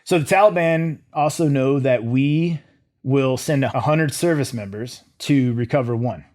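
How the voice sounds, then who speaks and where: A middle-aged man, a military veteran, telling his story as a guest in a casual podcast interview, relaxed and conversational with light humor. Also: mid-range voice, measured pace.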